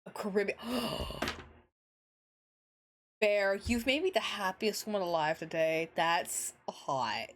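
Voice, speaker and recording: A young woman streaming a game, chatting casually in an excitable, giggly, swearing way, often over-the-top about what she reads. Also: mid-range voice, slow, long pauses, a little hiss or hum. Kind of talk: casual livestream chat.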